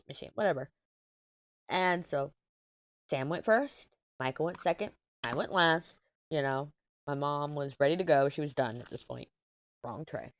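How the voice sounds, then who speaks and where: A woman's voice: deep voice, slight background noise. A woman, casually chatting as a crafting channel host and rambling through a story, correcting herself as she goes. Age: 30s. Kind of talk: casual chat while diamond painting.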